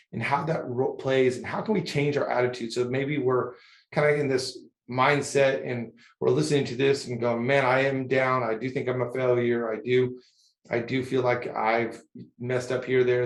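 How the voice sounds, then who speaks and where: A man's voice: medium pitch, steady tone, moderate pace. Affirming male podcast host in echoey room. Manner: friendly, affirming, asks open questions. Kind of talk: conversational podcast interview.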